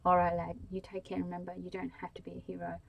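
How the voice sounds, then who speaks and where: A woman reading a bedtime story aloud, giving the lines of a kindly, firm male policeman in a soft-spoken voice. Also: lowish voice, monotone, fast talker, vocal fry, muffled recording. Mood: fatherly. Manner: gently firm, fatherly. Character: kindly middle-aged male country policeman.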